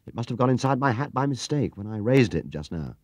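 A man's voice: mid-range voice, sing-song, fast, a little mellow, no room sound, clean studio sound. A man voicing a small, polite young male bear who speaks mildly and a little vaguely. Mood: apologetic. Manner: polite and mild.

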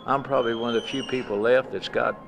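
A man's voice: mid-range voice, steady tone, fast talker, vocal fry. A man, a trick rider, talking plainly in an interview. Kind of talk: interview chat.

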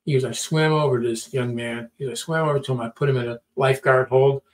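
Animated man telling a story. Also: medium pitch, fast talker. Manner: animated, acts out quotes, repeats words. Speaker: podcast storyteller. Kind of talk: casual storytelling.

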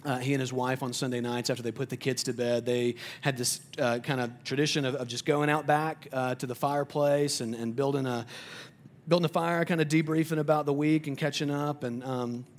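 A male pastor preaching a sermon in a conversational way. He often repeats words as he starts sentences, and he drops to a quiet, soft voice on tender points. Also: mid-range voice, fairly even intonation, brisk.

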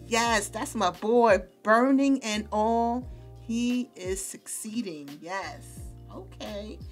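A woman giving casual, chatty let's-play commentary, laughing often and talking to her characters. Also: medium pitch. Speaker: gaming YouTuber.

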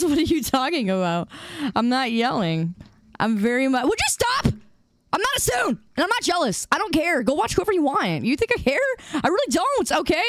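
A woman's voice: high-pitched, no room sound. A young woman streamer chatting casually with her viewers, bantering playfully and teasing back with mock defensiveness.

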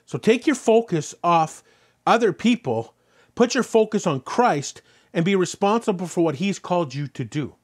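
In a high-pitched voice at a moderate pace, a pastor from Canada tells a story in his sermon, then pounds his message home with rhetorical questions he keeps repeating. His delivery is animated, swelling loudly at key points.

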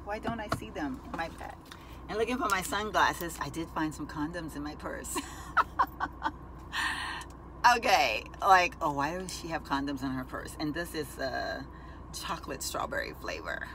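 A woman's voice: low-pitched, normal speed, noisy background. A woman chatting casually to her viewers while vlogging from her car, calling them y'all. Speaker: lifestyle vlogger. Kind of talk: casual vlog chat. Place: inside a car.

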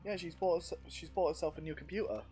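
A man's voice: on the high side, fast talker, dark tone, faint music behind. A man hosting a casual gaming stream on a headset, chatting with a friend and laughing often as he talks. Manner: giggly, laughs often while talking. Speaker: streamer host.

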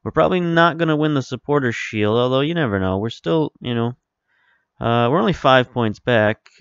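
A man's voice: mid-range voice, normal speed, clear, resonant tone, dry recording, dull audio. A man hosting a video game series, talking casually and rambling through his thoughts, often stopping to correct himself. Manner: rambling, self-correcting, relaxed. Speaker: video game let's-play host. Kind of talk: casual commentary over gameplay.

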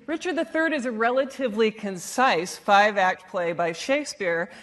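A high-voiced American woman speaks from an auditorium stage with a playful, theatrical delivery. She acts out lines with relish. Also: a bit bright. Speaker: speaker at a live talk event. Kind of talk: lively presentation talk.

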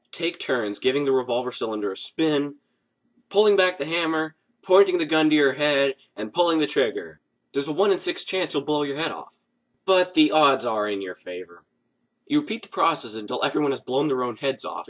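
A young man hosting a comedy video, delivering a scripted monologue in a sarcastic, self-mocking deadpan. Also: mid-range voice, moderate pace.

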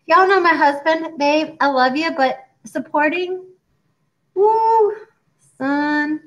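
A high-pitched woman in her forties talks in a lively, chatty way. She co-hosts a casual chat and acts out other people's lines as she goes. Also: slow, long pauses, lo-fi sound. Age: 40s. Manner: chatty and animated, acting out quoted doctors. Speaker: co-host.

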